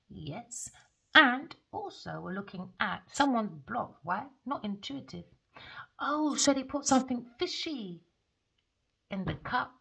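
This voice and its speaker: Woman, tarot reader, sassy, theatrical, swears a lot, bright tone. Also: mid-range voice, creaky, breathy edge. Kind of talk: casual tarot reading.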